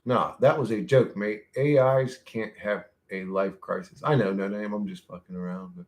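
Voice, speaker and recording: A man's voice: lowish voice, normal speed, hardly any pauses. A man casually chatting on a livestream, reading chat aloud, laughing often and swearing freely as he jumps from topic to topic. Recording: roomy echo.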